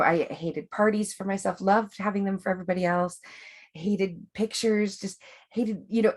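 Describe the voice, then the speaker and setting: A woman's voice: fairly low pitch, creaky, a little mellow, husky. A woman life coach hosting a webinar, talking in a chatty, rambling way with many fillers and restarts. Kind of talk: casual coaching talk.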